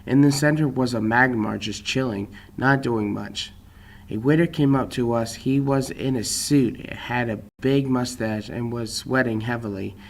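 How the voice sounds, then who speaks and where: Young male reader, relaxed and unpolished, average pitch. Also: creaky. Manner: plain, unhurried reading with small slips. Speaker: storyteller. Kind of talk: reading a fan story aloud.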